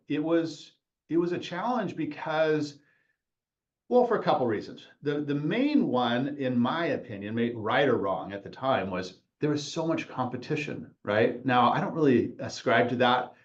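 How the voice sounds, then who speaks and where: A man's voice: mid-range voice, lively intonation, a little slow, lo-fi sound. A man in his forties, a podcast host, telling his own career story in a rambling casual way, often restarting and laughing at himself.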